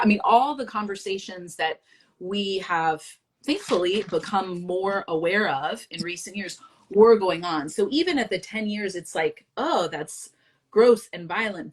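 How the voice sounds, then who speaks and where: A woman co-hosting a casual live-stream discussion, thinking out loud in a reflective, hedging way. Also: lowish voice, husky. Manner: reflective, talks her thoughts through with hedges. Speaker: co-host.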